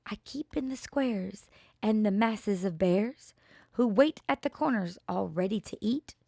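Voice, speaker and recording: An older woman reading children's poems aloud in a slow, expressive way, with playful asides. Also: mid-range voice, vocal fry, no room sound, clean studio sound.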